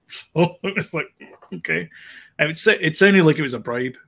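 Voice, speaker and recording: A man's voice: fairly high pitch, normal speed, vocal fry, long pauses, a bit bright. A man, co-hosting a podcast in casual chat, rambling with plenty of fillers and restarts. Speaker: podcast co-host.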